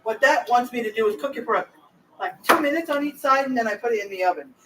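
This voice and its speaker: A woman with a fairly high, lively voice talks quickly in her kitchen, sounding far from the mic over heavy background noise. As a home cooking vlogger, she chats casually and directly to her viewers, rambling from one thought to the next.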